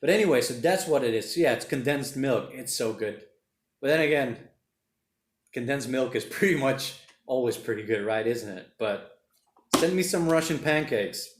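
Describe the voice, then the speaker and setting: A man's voice: mid-range voice, animated, moderate pace, slight background noise. Chatty man in echoey room. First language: Portuguese. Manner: rambling, chatty, reads viewer comments aloud. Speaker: livestream host reading chat. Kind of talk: casual livestream chat. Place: home room during lockdown.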